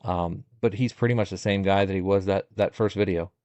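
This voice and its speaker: A middle-aged man, a podcast guest, chatting casually and telling jokey stories with sudden animated jumps in pitch. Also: a little fast, no echo, highs cut off. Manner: jokey, animated storytelling with bursts of higher pitch. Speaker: podcast guest, content creator. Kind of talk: casual interview chat.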